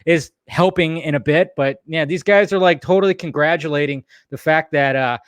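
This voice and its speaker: A man's voice: fairly high pitch, normal speed, clean tone, no echo. A man hosting a live stream, ranting heatedly and swearing often while a little tipsy from bourbon. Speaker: streamer host.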